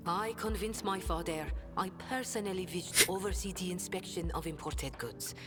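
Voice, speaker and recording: A woman voicing a sly, worldly smuggler-trader who keeps up a refined front, in a theatrical video game delivery with hushed asides. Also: fairly low pitch, moderate pace, close to an everyday voice. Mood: wistful. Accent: non-standard accent. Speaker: game companion character. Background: game music.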